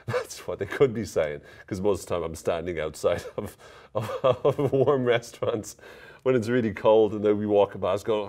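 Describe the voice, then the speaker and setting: A man's voice: on the low side, a little slow, mellow. An Irish man casually explaining his country's slang to camera, joking and laughing at himself as he goes. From Ireland. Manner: playful, jokey, laughs at himself.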